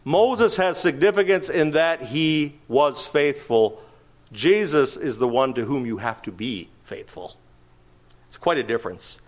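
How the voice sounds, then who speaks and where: A man's voice: mid-range voice, animated, unhurried. A man preaching a sermon, asking rhetorical questions and chuckling now and then. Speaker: pastor.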